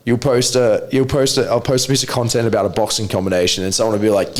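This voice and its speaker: A man with an Australian accent, an MMA coach talking as a guest on a podcast, telling blunt, sweary stories in an animated way. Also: mid-range voice, quick pace, hardly any pauses. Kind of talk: casual podcast chat.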